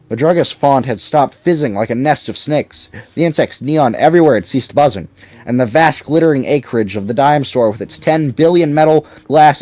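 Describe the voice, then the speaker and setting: A man's voice: a little high, darkish tone, dry recording. A man reading a novel aloud expressively as audiobook narrator. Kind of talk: scripted narration.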